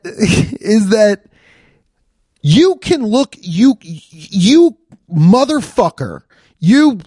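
A man's voice: high voice, no room sound. Profane, exasperated man ranting. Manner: profane, exasperated, animated storytelling with lots of restarts. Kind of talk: casual ranting monologue. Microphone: close podcast mic.

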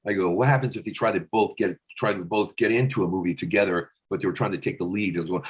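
A man's voice: on the low side, fast talker, hardly any pauses. A male comedian and impressionist in a casual podcast chat, talking animatedly and dropping into celebrity impressions as he goes. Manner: animated, slips in and out of celebrity voices. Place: podcast studio.

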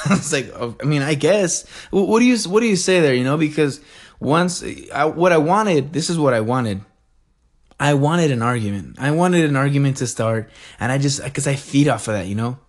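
A young man telling a story in a casual rant, animated and rambling, swearing and laughing as he goes. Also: fairly high pitch, moderate pace. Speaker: vlogger.

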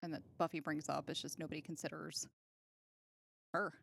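A woman co-hosting a casual podcast chat, animated, with frequent "like" fillers and casual swearing. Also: deep voice, moderate pace, vocal fry, slightly rough. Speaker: podcast co-host.

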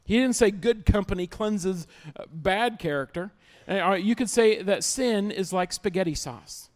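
A man's voice: high-pitched, unhurried. A man preaching a sermon as pastor, emphatic, repeating key lines and acting out little everyday scenes.

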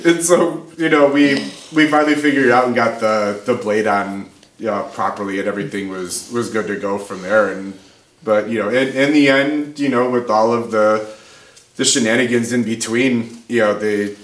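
In a roomy recording with faint background noise, a man speaks at normal speed in a fairly low voice. As a podcast guest in casual chat, he tells an animated story, laughing through it and playing the characters.

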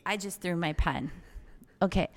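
A young woman co-hosting a casual chat, telling a chatty, animated story about a customer at her aromatherapy shop and acting out their exchange. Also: lowish voice, moderate pace, noisy background. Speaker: podcast co-host, aromatherapy shop owner.

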